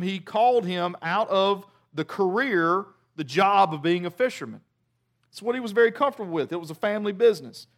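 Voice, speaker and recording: High-voiced man preaching. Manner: animated, humorous storytelling. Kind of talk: sermon.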